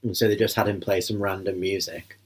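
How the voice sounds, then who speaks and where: A man with a low, husky voice chats his way through a film commentary. He jokes crudely and rambles from one aside to the next. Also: steady tone, fairly quick. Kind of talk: casual film commentary chat.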